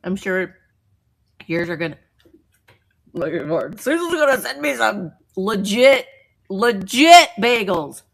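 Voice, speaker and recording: A woman's voice: medium pitch, animated, a little slow, gravelly, pauses often. A woman hosting a casual livestream, chatting loosely with viewers, greeting them by name and rambling with frequent restarts. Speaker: vintage seller livestream host.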